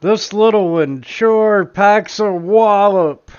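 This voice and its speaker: A bumbling, burly tavern drunk, as a man puts him on, booming and pitched up high. He fumbles his too-polite words, and it comes through a dull, lo-fi mic. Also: slow pace, a little mellow, smooth. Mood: boisterous. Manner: bumbling, overly polite apology.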